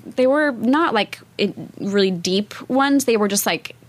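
A woman's voice: medium pitch, expressive, a little slow. A young woman in casual chat, telling a story with animation and acting out the voices she quotes. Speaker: musician guest.

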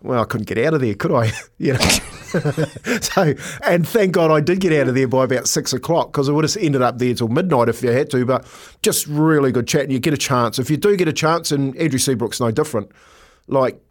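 An older man co-hosting a breakfast radio show. He rambles through a story with lots of "you know" and asides. His voice sits at an ordinary middle pitch. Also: brisk. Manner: animated storytelling, many fillers and asides. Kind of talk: casual radio chat.

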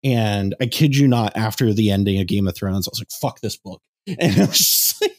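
A young man hosting a casual podcast, joking and swearing through quick asides. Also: lowish voice, lively intonation, darkish tone. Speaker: podcast host. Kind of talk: casual chat.

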